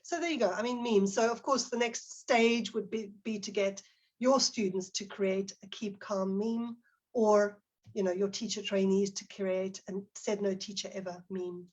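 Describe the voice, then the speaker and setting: A woman's voice: medium pitch, fairly even intonation, normal speed, darkish tone. A middle-aged woman presenting a teacher-training webinar, explaining examples and reading out participants' chat comments.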